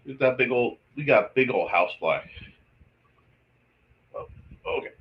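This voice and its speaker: A man hosting a casual livestream, chatting to his audience and softly talking to his cat while he draws. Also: medium pitch, lively intonation, brisk, breathy edge, dull audio. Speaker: host.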